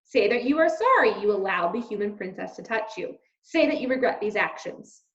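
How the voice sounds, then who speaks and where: A woman's voice: mid-range voice, expressive, fairly quick, lightly acted. A woman voicing a stern, pompous male mouse leader who hands down commands. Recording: roomy, slightly dull recording.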